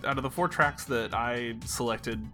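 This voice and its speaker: A man's voice: mid-range voice, a little slow, pushed and bright, soft background music. A man co-hosting a podcast in casual chat, dropping dry joking asides. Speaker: podcast co-host.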